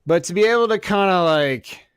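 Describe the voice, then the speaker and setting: Male podcast host, smooth clear voice, dry close sound, profane rambling rant with sarcastic asides. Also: high-pitched, lively intonation, normal speed, dry recording. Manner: swings between loud outbursts and muttered asides. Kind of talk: casual comedic rant.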